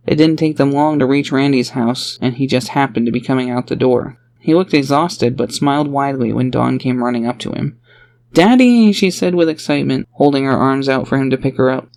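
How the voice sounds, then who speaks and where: A man's voice: mid-range voice, vocal fry, darkish tone. A man reading a fantasy audiobook aloud in a plain storytelling voice. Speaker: audiobook narrator. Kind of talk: audiobook narration.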